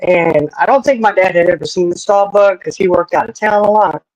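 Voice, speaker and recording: A chatty voice spinning a family yarn, folksy and lively, full of little asides. The pitch sits in an ordinary middle range. The sound is close and dry, with no room around it. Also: brisk, no room sound, lo-fi sound. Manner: folksy, animated, rambling with many asides. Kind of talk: casual storytelling.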